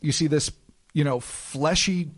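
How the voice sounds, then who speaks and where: A man's voice: fairly high pitch, unhurried. Emphatic man musing on a podcast. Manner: emphatic, speculative, swears casually. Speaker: podcast co-host. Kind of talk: casual chat.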